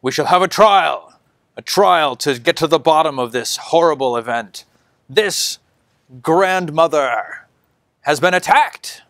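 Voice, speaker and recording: A man doing a booming fanatical judge. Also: lively intonation, a little slow, a bit bright, no room sound, studio quality. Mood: proclaiming. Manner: booming, ranting proclamations. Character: fanatical zealous male judge with flail.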